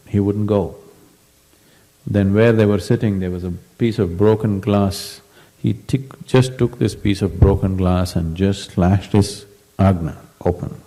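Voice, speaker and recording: A man as a spiritual teacher giving an emphatic storytelling discourse, dropping to a soft voice at times. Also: fairly low pitch, long reverb tail, low-quality recording. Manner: storytelling, acting out quoted voices.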